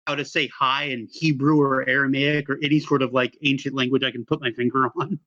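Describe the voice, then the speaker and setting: A man's voice: mid-range voice, level tone, fairly quick, a bit bright, dull audio. A man playing in a tabletop game, eager and rambling with fillers. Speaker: player. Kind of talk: tabletop role-play chat.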